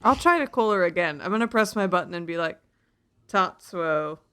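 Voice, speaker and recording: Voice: mid-range voice, lively intonation, fast talker, a bit bright, smooth, dry recording, clean studio sound. A player in a tabletop game, talking in character in a casual, joking way.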